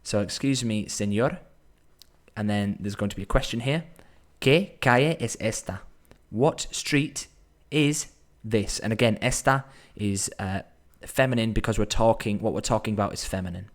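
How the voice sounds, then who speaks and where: Low-voiced man patiently explaining. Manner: patient, thinks aloud, slows down to sound out Spanish phrases. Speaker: Spanish tutor. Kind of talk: explanatory language lesson.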